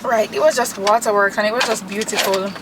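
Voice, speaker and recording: A woman's voice: medium pitch, fairly even intonation, fairly quick, background noise. A young woman, chatting and gushing to camera as a vlogger from her car. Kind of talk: casual chat to camera.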